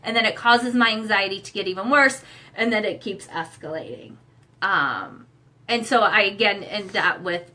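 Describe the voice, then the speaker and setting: A young adult woman with a bright, forceful voice speaks in a candid conversation with her husband. She sounds earnest and emotional, halting often with fillers as she works through her thoughts. Her pitch stays in an ordinary middle range. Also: lively intonation. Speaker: co-host, sharing her own experience.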